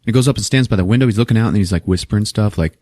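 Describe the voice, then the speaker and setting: A man's voice: lowish voice, racing, dark tone, no room sound. A man casually recapping a movie plot on a podcast, laughing often and acting out the characters' lines, with some swearing. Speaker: podcast host.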